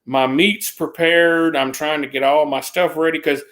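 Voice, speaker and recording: A man's voice: fairly high pitch, fairly even intonation, normal speed, fairly bright tone. Rambling man telling a story. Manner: rambling, restarts, mimics others with a raised voice. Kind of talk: casual storytelling.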